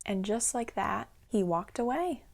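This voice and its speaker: A young adult woman telling a personal story in an animated, dramatic vlog style. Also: medium pitch, a little slow, vocal fry. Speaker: vlogger.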